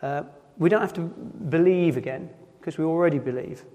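Male preacher with a Nottinghamshire accent, fairly high voice, loose stop-start delivery, long church reverb. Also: a little mellow. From Nottinghamshire, England. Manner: halting, repeats words and restarts often. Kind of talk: informal sermon.

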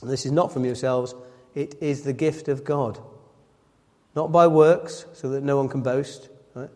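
A man's voice: medium pitch, steady tone, measured pace, a little mellow. A man preaching a sermon, reading scripture aloud and then explaining it, often repeating his phrases and correcting himself. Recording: long hall reverb.

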